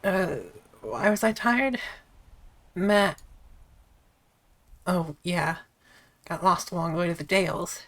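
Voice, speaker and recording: A woman's voice: lowish voice, takes it slowly, pauses often, a bit bright. A woman voicing a drowsy, slightly dim young man who grumbles about being lost, reading a visual novel aloud. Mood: groggy. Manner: plain, drowsy, mildly grumbling.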